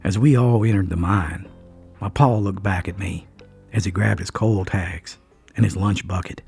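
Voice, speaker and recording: A man's voice: low-pitched, normal speed, creaky, a little mellow, breathy edge, faint music behind. A man narrating a first-person story in an earnest, dramatic way.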